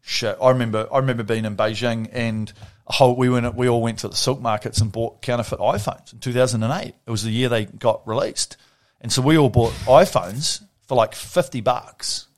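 A man's voice: medium pitch, fairly quick. A man with a New Zealand accent telling stories in casual chat, rambling and laughing often.

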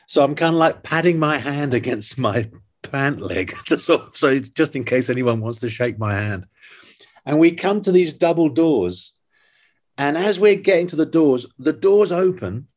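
An older man tells a story with relish as the guest on a talk show. His speaking voice sits at an ordinary middle pitch, and he rises and slows for the dramatic moments. He slips into other people's voices as he quotes them. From England. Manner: animated anecdotes, acting out quoted voices. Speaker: actor guest. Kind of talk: conversational storytelling.

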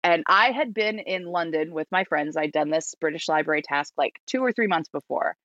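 A woman's voice: low-pitched, normal speed, fairly bright tone, no room sound, highs cut off. A woman from New York with an American accent, telling a story as a podcast guest in a chatty, giggly way. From New York, United States. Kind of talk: casual storytelling.

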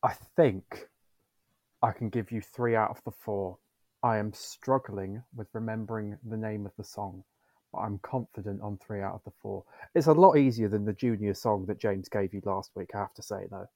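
A man's voice: lowish voice, normal speed, warm tone, no echo. A man speaking as a guest on a podcast, confident and conversational. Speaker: guest from a fan news site. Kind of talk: casual chat.

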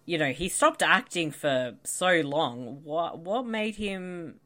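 A woman's voice: low voice, lively intonation, slow pace, fairly bright tone. A woman co-hosting a podcast, joking and chatting casually about a movie. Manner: playful, teasing quips, laughs often. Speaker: podcast co-host. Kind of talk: casual movie commentary chat.

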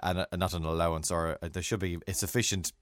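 A man's voice: sits low, flat delivery, fast, no room sound, clean studio sound. An Irish man co-hosting a casual chat, teasing and often restarting his sentences. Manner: chatty, stumbling restarts, teasing. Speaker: podcast co-host.

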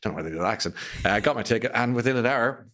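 A middle-aged Irish man and radio presenter, chatting in an interview and acting out quotes in animated, raised voices. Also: medium pitch, racing. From Ireland. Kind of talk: casual conversational interview.

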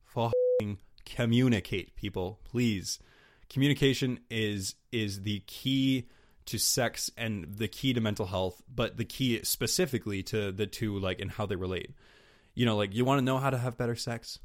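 A man's voice: fairly low pitch, fairly even intonation, moderate pace. A young man hosting a solo podcast, talking candidly and rambling with lots of fillers and restarts, swearing casually. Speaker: podcast host.

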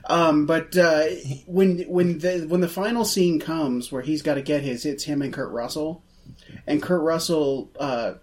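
A man's voice: on the high side, fairly even intonation, darkish tone. A man co-hosting a casual film podcast, stammering and restarting as he builds up to his questions. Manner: halting starts, stammers before questions. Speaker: podcast co-host. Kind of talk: casual film-review chat.

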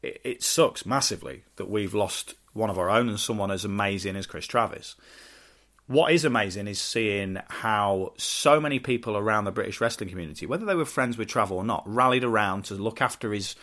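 A man hosting a casual solo podcast, heartfelt and rambling with restarts, bursting into excitement now and then. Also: on the low side, fairly quick. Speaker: podcast host and wrestling promoter.

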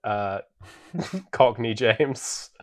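A man co-hosting a podcast, recapping a film in a relaxed, rambling way with plenty of fillers. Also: mid-range voice, drawn-out words. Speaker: podcast co-host. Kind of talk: casual film recap chat. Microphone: podcast microphone.

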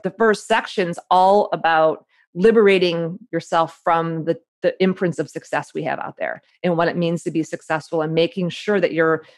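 A woman in her forties, an author, telling her story in a lively, quick conversational way and acting out the voices she heard. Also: lowish voice. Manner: animated, quick storyteller who acts out her inner voice. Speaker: author and guest. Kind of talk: conversational interview.

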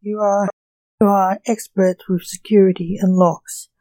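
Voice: mid-range voice, level tone, measured pace, warm tone, dry recording, close to an everyday voice, rough recording. A reader voicing a menacing male kidnapper on the phone, giving orders in a cold, commanding way.

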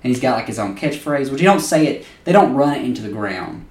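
A man's voice: medium pitch, lively intonation, quick pace, darkish tone, echoey room, distant mic. A man co-hosting a podcast in casual chat, enthusiastic and loose, swearing freely as he gushes. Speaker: podcast co-host.

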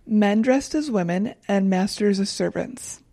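A young woman co-hosting a casual podcast chat, calmly presenting researched facts with dry humor. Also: mid-range voice, a little slow, dry recording. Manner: calm, matter-of-fact, dry humor.

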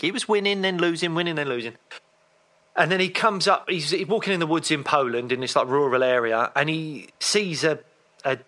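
A man with a bright, clear voice, telling a story at an easy chatty pace. His voice sits a little high for a man. He speaks casually as a podcast co-host. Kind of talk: casual chat.

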